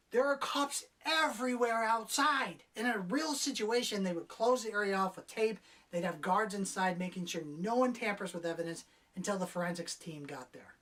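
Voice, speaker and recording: A woman talking through a film review in a sarcastic, profane way, picking apart scenes she found silly. She sits a little back from the microphone, so her voice sounds slightly distant. Her pitch is mid-range for a woman. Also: fairly bright tone. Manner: sarcastic, profane, acts out characters' lines. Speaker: movie reviewer. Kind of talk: casual spoken film review.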